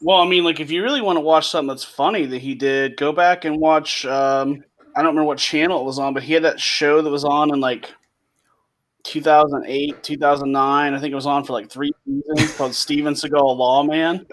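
A man's voice: a little high, steady tone, brisk, a bit bright. A man chatting casually on a podcast, telling a story animatedly, swearing and laughing as he goes.

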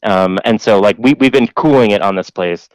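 This podcast host tells a long story in casual, rambling fashion, swearing and using lots of fillers. His voice sits on the low side, clear and resonant, at a moderate pace. The recording is rough but has no room sound.

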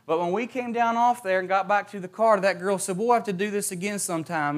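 A young preacher with a high voice delivers a sermon. He reads scripture and prays in a hushed way, then tells stories with mounting emphasis. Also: a little fast, few pauses. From West Virginia.

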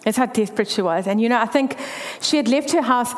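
A woman's voice: on the high side, fast talker. A woman giving a candid faith testimony, telling her story earnestly. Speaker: speaker sharing a faith testimony. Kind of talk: personal testimony talk. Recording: long hall reverb.

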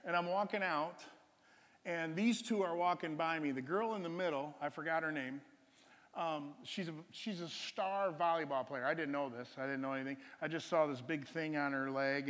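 A man's voice: fairly high pitch, moderate pace, a bit bright, big-room sound. A man preaching, telling a personal testimony story in a rambling, chuckling way with many restarts.

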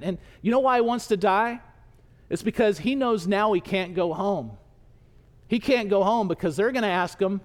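A male pastor preaching a sermon with animated storytelling. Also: high-pitched, normal speed, long reverb tail. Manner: animated storytelling, acts out voices.

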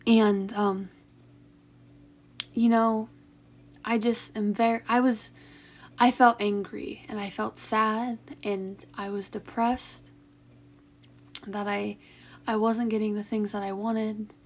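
Young woman vlogger, mid-pitch voice, emotional and halting, sighs between restarts. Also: level tone. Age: young adult. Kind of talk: personal confessional talk.

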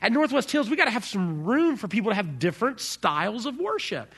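A man preaching a sermon as pastor, animated, swinging from soft to loud. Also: high-pitched, brisk, husky.

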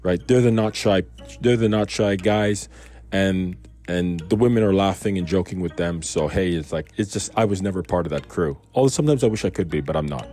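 A man talks through a scripture passage in an easygoing, wandering way, often turning to rhetorical questions. His voice sits on the low side and sounds warm and dark rather than bright. Soft music plays faintly behind him. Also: brisk. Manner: rambling, conversational, full of rhetorical questions. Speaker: Bible reading host. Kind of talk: casual devotional talk.

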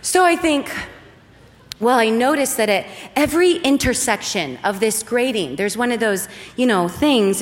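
A woman in her thirties giving a faith testimony talk, telling a story in a lively, humorous way. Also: on the high side, moderate pace. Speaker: speaker. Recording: long hall reverb.

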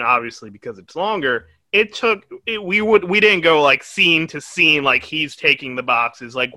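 A young man hosts a podcast reviewing a movie, rambling casually with plenty of swearing and laughter. His voice is medium-pitched, pushed and bright, with no room sound.

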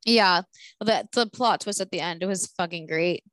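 A woman's voice: on the low side, moderate pace, fairly bright tone, no echo. A woman in casual chat who laughs often and trails off into restarts.

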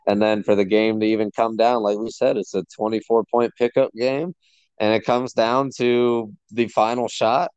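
A man's voice: on the low side, level tone, moderate pace, a little mellow, clean tone, dry recording, muffled recording. A man co-hosting a sports podcast, talking enthusiastically and rambling with lots of fillers. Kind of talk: casual sports chat.

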